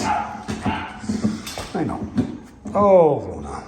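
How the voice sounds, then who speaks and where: A man's voice: on the high side, a little slow. A man volunteering at an animal shelter, walking through the kennels at night and talking fondly to each dog, slipping into baby talk. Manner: coos baby talk at the dogs. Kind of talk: casual walkthrough vlog. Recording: echoey kennel room, faint noise.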